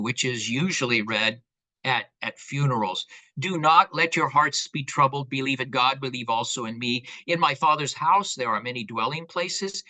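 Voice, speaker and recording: Bright-voiced male lecturer. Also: medium pitch, poor audio. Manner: relaxed, with frequent fillers and asides. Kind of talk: conversational lecture.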